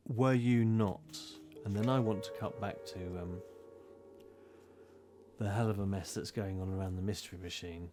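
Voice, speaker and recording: A man's voice: fairly low pitch, fairly even intonation, moderate pace. Wry male game master over music. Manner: wry, teasing narration. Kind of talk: narrating a tabletop game.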